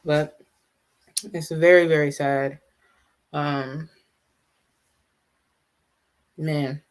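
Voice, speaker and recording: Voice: mid-range voice, flat delivery. A host chatting casually on a live stream, answering viewers' comments and often stopping to restart sentences. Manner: halting, many restarts and asides.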